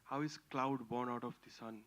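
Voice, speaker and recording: A young man in the audience asking a question slowly and deliberately, far from the microphone. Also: medium pitch, steady tone, fairly bright tone. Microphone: far from the mic in the audience.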